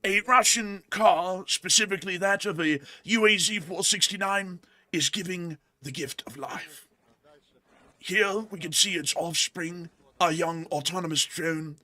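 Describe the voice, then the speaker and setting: A man putting on the voice of a hushed older wildlife documentary narrator, slow and reverent. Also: sits high, voice pushed up.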